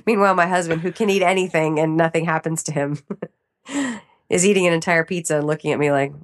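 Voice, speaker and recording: Lively, laughing woman podcast guest. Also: on the low side, brisk. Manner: chatty and animated, laughs often, acts out her own reactions. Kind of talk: casual interview chat.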